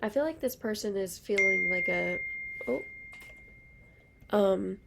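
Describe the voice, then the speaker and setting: Chatty woman reading tarot, gravelly edge. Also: medium pitch, slow, very noisy. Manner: chatty, rambling, lots of fillers. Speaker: tarot reader. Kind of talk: casual tarot reading to camera.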